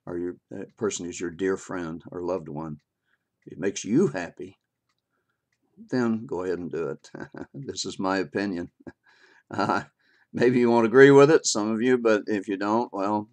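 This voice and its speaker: An older man with a low voice talks through his opinion in a homespun video monologue. He speaks haltingly, stopping on filler words and restarting his sentences, and chuckles now and then. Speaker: vlogger sharing his opinion.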